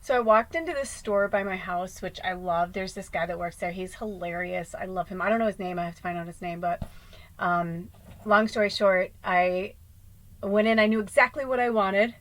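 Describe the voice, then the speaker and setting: A woman's voice: medium pitch, normal speed, poor audio. A woman hosting her own video, chatting casually to camera at home in a rambling, laughing way with some swearing. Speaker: spiritual channel host.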